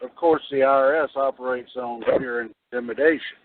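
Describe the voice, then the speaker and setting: A man's voice: mid-range voice, fairly even intonation, fairly quick, no room sound. A man hosting a casual radio conversation, dropping in short, agreeable remarks. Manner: brief, agreeable interjections. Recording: dry tinny phone line.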